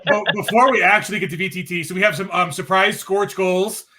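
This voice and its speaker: A man's voice: sits high, fairly even intonation, fairly quick, a loud crowd. A man hosting a casual livestream chat, joking and rambling with many fillers. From Colorado. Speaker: host.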